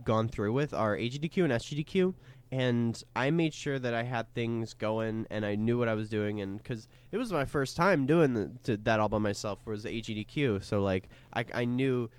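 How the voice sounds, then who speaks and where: Smooth-voiced young man, halting and casual. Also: mid-range voice. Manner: hesitant, full of fillers and restarts. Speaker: podcast co-host. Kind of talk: casual chat.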